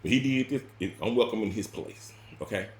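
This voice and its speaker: A man telling a personal story in casual spoken style, rambling and repeating words, with sudden loud bursts and quiet drops. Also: on the low side, brisk, echoey room.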